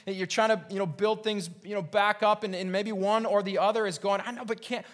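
The pastor's voice is high and level in tone, moving a little fast. His preaching is earnest and repetitive, full of rhetorical questions, with stammered repeats and frequent restarts.

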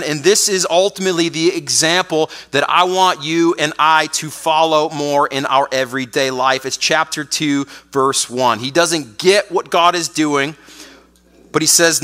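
A man with a high, bright and ringing voice preaches a sermon in an easy, conversational way. His delivery is clear and crisp, and he grows animated as he retells the prophet's complaints. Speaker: pastor.

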